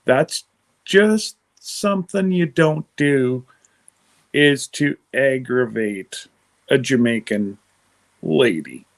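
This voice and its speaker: A man's voice: medium pitch, expressive, slow pace. A man from Canada hosting a livestream, chatting casually and rambling while answering viewer comments. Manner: rambling, answers live chat comments aloud. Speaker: livestream host.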